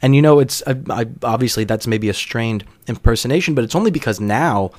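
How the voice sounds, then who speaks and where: A man's voice: mid-range voice, brisk, darkish tone, no room sound. Young man, podcast host, personal storytelling, wry and self-deprecating, swears casually, dry close sound.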